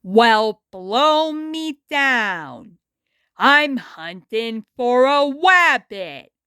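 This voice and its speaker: A woman voicing a dim-witted, gentle male cartoon cat with a goofy way of talking. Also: fairly high pitch, sing-song, drawn-out words, smooth, no echo, studio quality, exaggerated voice.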